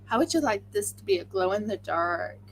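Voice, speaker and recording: A tired woman hosting a crafting livestream, chatting casually and excitably, often talking to herself as she works. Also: medium pitch, brisk, slight background noise, low-quality recording. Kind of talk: casual chat while crafting.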